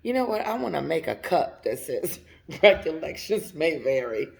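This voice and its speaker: Gravelly, animated woman giving casual commentary. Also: deep voice, moderate pace. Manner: emphatic, laughs often, talks to the viewers. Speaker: commentary channel host.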